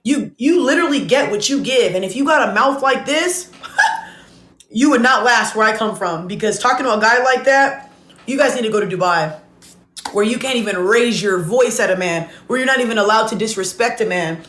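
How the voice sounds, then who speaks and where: A woman's voice: a little high, lively intonation, normal speed, a bit bright, roomy sound. Blunt, indignant woman ranting to camera. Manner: blunt and indignant, addresses viewers directly; talks while eating. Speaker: online content creator. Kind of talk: reaction commentary rant.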